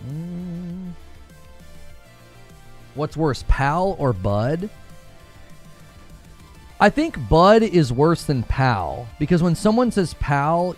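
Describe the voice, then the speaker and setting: A man with a mid-range, slightly mellow voice chats casually with his live-stream audience while reading chat as a gaming streamer. He jokes about slang, laughs often, and puts on mock-tough voices for the slang he quotes.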